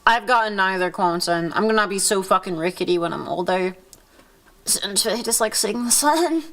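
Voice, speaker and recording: A woman's voice: medium pitch, animated, fairly quick, a bit bright. A woman streamer with a cold, sounding stuffy and congested, chatting in a rambling, playful way and swearing freely. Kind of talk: casual chat.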